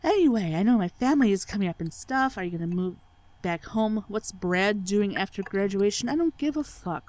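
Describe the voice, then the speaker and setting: Woman host for game commentary, sarcastic and swears freely, mid-pitched voice, faint hiss underneath. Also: animated, brisk, darkish tone. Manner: sarcastic, swears freely, mocks the game's dialogue. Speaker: let's play channel host. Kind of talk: gaming commentary.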